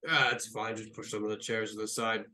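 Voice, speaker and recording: A man doing a gruff towering ship captain. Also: lowish voice, little pitch movement, fairly quick, pushed and bright, voice pushed down. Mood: blunt. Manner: blunt, swears, curt judgments.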